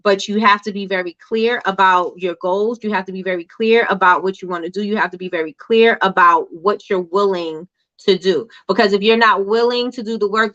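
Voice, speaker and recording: A woman's voice: medium pitch, pushed and bright, dull audio. A woman hosting a casual livestream chat about business, talking conversationally, repeating herself and reading viewer comments aloud. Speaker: host.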